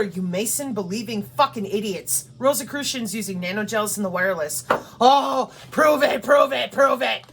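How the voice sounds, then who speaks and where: Husky, profane ranting woman. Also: mid-range voice, fairly bright tone. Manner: profane and confrontational. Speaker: channel host. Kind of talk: ranting monologue.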